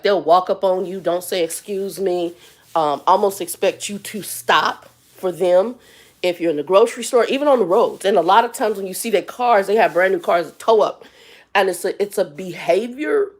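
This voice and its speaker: Blunt woman in her fifties ranting. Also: lowish voice. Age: 50s. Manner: blunt, exasperated, talks straight to viewers. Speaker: channel host. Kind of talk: live-stream rant. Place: Arizona.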